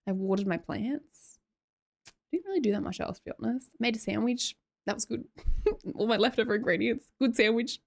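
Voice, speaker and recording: A woman's voice: fairly high pitch, moderate pace, creaky. A young Australian woman from Sydney streaming casual chat, chatty, laughing often and trailing off mid-sentence. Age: young adult. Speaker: live streamer.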